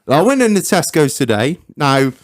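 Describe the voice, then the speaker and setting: A man co-hosting a podcast, telling sweary, animated stories in casual banter. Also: a little high, normal speed, no room sound, studio quality. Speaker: podcast co-host.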